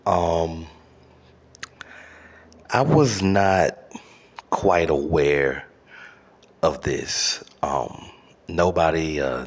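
A man's voice: very deep voice, a bit bright, slightly rough. A man hosting a podcast, delivering a profane solo rant with exaggerated outrage and lots of fillers. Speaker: podcast host.

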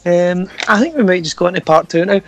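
A man's voice: high voice, expressive, a little fast, no echo, faint music behind. A young Scottish man hosting a casual podcast, teasing his friends, laughing often and swearing freely. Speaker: podcast host. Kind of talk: casual banter.

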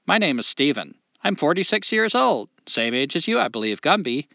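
Here is a man doing a friendly forty-something Californian listener, in a light Californian accent. His voice rides a little above its usual pitch and sounds bright and lively. The sound is dry and dull, like a lo-fi podcast recording. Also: normal speed, vocal fry, dry recording, heavily acted. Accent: light put-on Californian. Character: male listener, forty-six, reading his letter.

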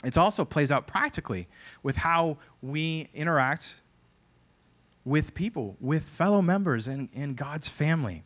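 A man's voice: fairly high pitch, animated, a little slow, fairly bright tone. A man preaching a sermon as pastor, earnest and emphatic, often repeating phrases for weight.

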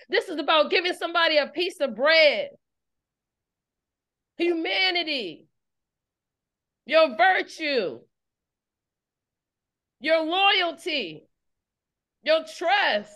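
A woman's voice: sits high, pushed and bright. A woman preacher, delivering a fiery sermon and repeating her phrases for emphasis. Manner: preaching with rising call-and-response intensity, repeats phrases. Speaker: preacher leading an online service.

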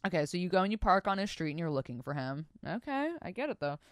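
A young woman hosts a casual podcast, reading out listener stories and cutting in with profane, animated reactions. Her voice sits low and sounds smooth and clear, recorded dry and close. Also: fast talker, no echo. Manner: profane, animated, laughs and comments while reading stories aloud.

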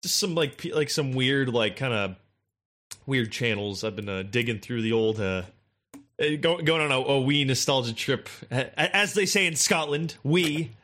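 A man's voice: medium pitch, animated, normal speed, a bit bright, slight background noise. A man in his twenties in a casual, profane, rambling chat as podcast co-host. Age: 20s.

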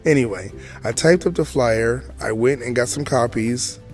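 A man in his forties tells his story in a chatty, digressive way, often turning aside to speak to the listener. His voice sits at an ordinary middle pitch. Faint music plays softly underneath. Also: normal speed. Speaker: podcast host. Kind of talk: storytelling monologue.

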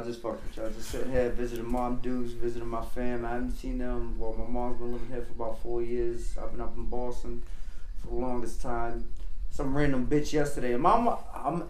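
A man's voice: mid-range voice, fairly quick, echoey room, poor audio. A man talking as a podcast guest in casual banter, profane and rambling as he tells stories.

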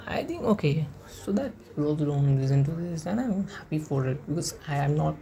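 A woman's voice: deep voice, lively intonation, brisk, creaky, hardly any pauses, warm tone. A woman hosting a solo podcast, rambling and swearing casually, sleepy and yawning as she talks unscripted. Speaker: podcast host.

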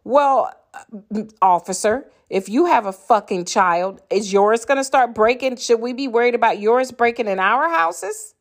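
A woman's voice: fairly high pitch, expressive, a little slow. Woman ranting in blunt, profane anger. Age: older. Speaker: podcaster. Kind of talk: impassioned monologue.

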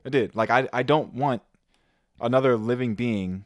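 A man co-hosting a podcast tells an animated story packed with swearing, speaking at a moderate pace in a mid-range voice. It's casual chat, recorded with no room sound.

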